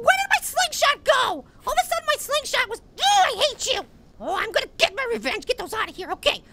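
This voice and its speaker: A tiny male cartoon apple giving game commentary in a very high, squeaky voice with a gravelly edge. He hops wildly up and down in pitch and flares up at his opponent. The recording carries clear background noise. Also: full character voice. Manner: squeaky, easily riled, shouting at opponent. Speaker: let's play gamer. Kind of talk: gameplay commentary.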